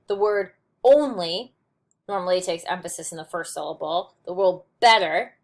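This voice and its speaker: A teacher gives a recorded poetry lecture from her notes, speaking fast in a fairly low, slightly mellow voice with fairly even intonation. She explains things patiently and loosely, with plenty of ums and small restarts as she works through each point.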